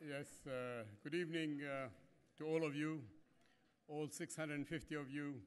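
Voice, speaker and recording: A man formally introduces a speaker in a ballroom, measured and a bit hesitant. His voice sits somewhat high for a man. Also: level tone, background noise. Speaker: organization president introducing a speaker.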